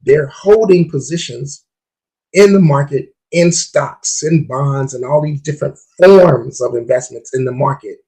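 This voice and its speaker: Husky guy on his podcast, pushy and emphatic, keeps repeating himself. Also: a little high, a little slow, dark tone, poor audio. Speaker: podcast host. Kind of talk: casual podcast talk on investing.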